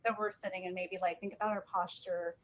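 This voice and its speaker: Low-voiced woman on a dull line. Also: little pitch movement, fast talker. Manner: rambling, many fillers like "like" and "um". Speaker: guest. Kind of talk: casual chat.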